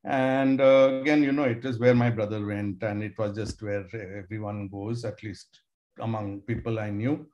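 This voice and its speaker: A man's voice: on the low side, fairly even intonation, normal speed, darkish tone, dull audio. A man, a professor telling stories to students in a casual, musing way with many fillers. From India. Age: 60s. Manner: conversational, musing, with hedging fillers. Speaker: professor giving a talk. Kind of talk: storytelling lecture to students.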